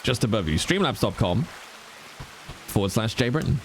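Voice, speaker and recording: Animated, teasing male streamer. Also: on the low side, normal speed, slight background noise. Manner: animated, teasing, mock-exasperated. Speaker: livestreamer. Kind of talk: casual chat with stream viewers.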